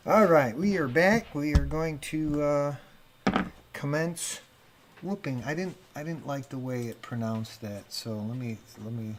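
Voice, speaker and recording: Male host, casual and relaxed, unhurried delivery with faint background noise. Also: on the high side. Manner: relaxed, laughs easily. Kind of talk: casual chat during drone race practice.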